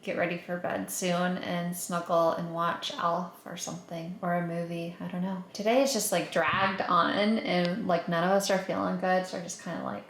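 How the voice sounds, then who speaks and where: A woman's voice: fairly low pitch, flat delivery, moderate pace, hardly any pauses, a bit bright. Chatty woman vlogging in an echoey room. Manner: chatty, rambling, lots of fillers. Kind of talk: casual home vlog chat.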